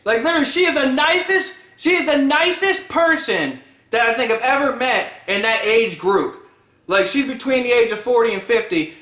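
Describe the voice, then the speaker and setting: A young man ranting in a vlog, swearing a lot and bursting into shouts. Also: very high-pitched, roomy sound. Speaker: vlogger.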